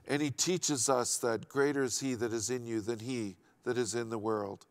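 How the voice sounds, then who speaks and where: A man's voice: medium pitch, steady tone, moderate pace. A middle-aged man preaching a sermon in an earnest, emphatic way, often repeating key phrases and restarting his sentences. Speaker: pastor.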